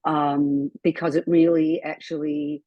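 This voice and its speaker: A middle-aged woman with an Australian accent, a film producer chatting as a guest on a video call, warm and full of ums. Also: deep voice, level tone, unhurried, no room sound, dull audio. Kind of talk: casual interview chat.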